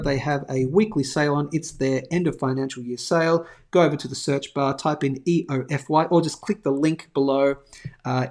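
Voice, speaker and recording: A chatty man hosting a live stream, with a gravelly, slightly raised voice. He rambles through asides and fillers as he reads viewer comments. The delivery is loose and informal. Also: fairly high pitch, darkish tone. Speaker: host of a live precious metals show. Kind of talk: casual live-stream chat and product plug.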